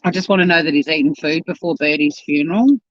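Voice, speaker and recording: Guy rambling on a live stream with his mouth full, kinda high voice, dull dry audio. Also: fast, a bit bright, no echo. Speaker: YouTube channel host. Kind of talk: casual live-stream chat while eating. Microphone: home live-stream camera mic.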